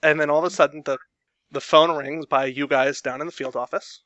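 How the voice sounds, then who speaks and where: A man runs a tabletop game over a call, his narration halting and full of fillers. His voice sits a little high, and the recording is dry and muffled. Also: steady tone, sharp tone, no room sound. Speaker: game master. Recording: dull, dry online call audio.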